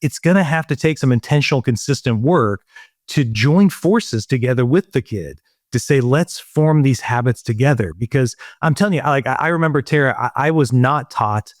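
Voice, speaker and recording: A middle-aged man co-hosting a podcast chat, animated and full of restarts as he tells a story. His voice sits at an ordinary middle pitch. The sound is dry and close to the mic. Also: normal speed, no room sound. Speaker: podcast co-host. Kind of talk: casual chat.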